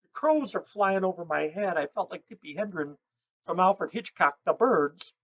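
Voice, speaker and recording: Husky-voiced woman telling bird stories. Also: on the low side, moderate pace, lo-fi sound. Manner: lively storyteller who mimics bird calls. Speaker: raptor educator. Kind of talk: educational storytelling.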